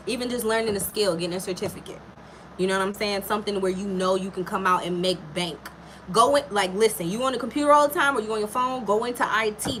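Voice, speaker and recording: A woman's voice: mid-range voice, fairly bright tone, slight background noise. A woman giving a casual live tarot reading, talking frankly and chattily to a viewer, with plenty of swearing. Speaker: tarot reader.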